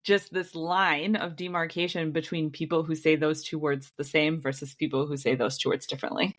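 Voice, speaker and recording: A young woman with an Inland North accent explains things at an even pace, laying out points one after another. Her voice is a little low for a woman. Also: normal speed. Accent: Inland North American. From Rochester, New York. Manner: explanatory, steady, lists things out. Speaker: podcast co-host. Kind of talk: casual chat.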